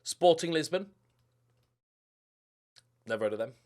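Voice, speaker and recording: A man's voice: fairly high pitch, a little slow. Young guy rambling thru a football sim, voice jumps up n down a lot, mutters half the time. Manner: rambling, mutters to himself, lively ups and downs. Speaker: gaming YouTuber. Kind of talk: casual game commentary.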